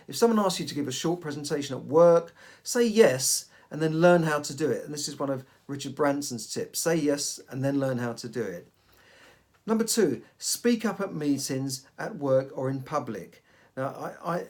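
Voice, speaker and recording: Chatty middle-aged man, stumbling restarts. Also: a little high. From United Kingdom. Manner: repeats and restarts words often. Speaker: podcast host. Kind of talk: casual advice monologue.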